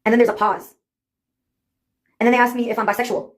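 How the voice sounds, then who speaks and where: A woman in her fifties tells stories in a quick, brisk monologue with a slightly high voice. She is wry and sarcastic, often laughing at her own anecdotes. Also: little pitch movement. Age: 50s. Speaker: vlogger. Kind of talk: casual storytelling monologue.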